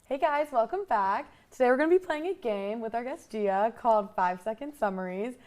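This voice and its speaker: A woman's voice: fairly high pitch, lively intonation, fairly quick, a little mellow. A young woman co-hosting a college talk show, joking and giggling her way through playful banter. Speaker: co-host.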